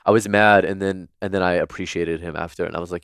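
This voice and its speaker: Male interview guest, very low and smooth voice, chatty and earnest, dry recording. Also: steady tone, fast talker, hardly any pauses, fairly bright tone, dry recording. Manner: chatty, filler-heavy, earnest. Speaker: podcast guest. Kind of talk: casual storytelling in interview.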